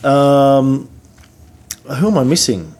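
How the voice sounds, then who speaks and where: A middle-aged man hosting a podcast, chatting casually late at night in a hotel room, a little hoarse and rambling with many fillers and restarts. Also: medium pitch, big pitch swings, slow pace, darkish tone. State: losing his voice. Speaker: podcast host.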